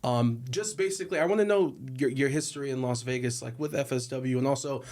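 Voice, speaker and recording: A man's voice: medium pitch, fairly quick, a little mellow. A man hosting an interview, asking questions in a loose, self-aware way. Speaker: interview host. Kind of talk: casual interview.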